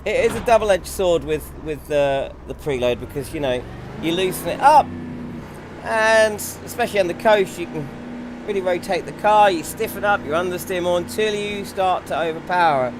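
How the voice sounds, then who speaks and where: Chatty man with a high voice. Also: moderate pace, background noise. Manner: chatty, rambling, reacting to the race mid-sentence. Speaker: sim racing streamer. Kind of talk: casual live-stream commentary while racing. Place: home sim racing rig.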